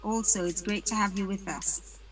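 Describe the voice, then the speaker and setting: A woman's voice: mid-range voice, steady tone, moderate pace, low-quality recording. A woman from the UK hosting an online panel, chatting casually and greeting attendees by name with light jokes over a video call. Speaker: webinar host.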